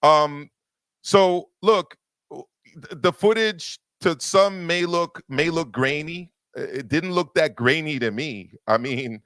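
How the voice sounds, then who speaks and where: Heated boxing show host guy, kinda high voice, dry close sound, keeps hammering his point. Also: slow pace, fairly bright tone, no echo. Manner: emphatic, heated, repeats words. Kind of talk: opinionated casual discussion.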